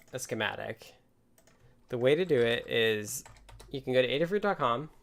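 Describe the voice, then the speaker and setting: A man hosts a casual live stream from his home workspace, thinking aloud and explaining things step by step. His voice is medium-pitched, creaky and fairly bright, with a clean tone.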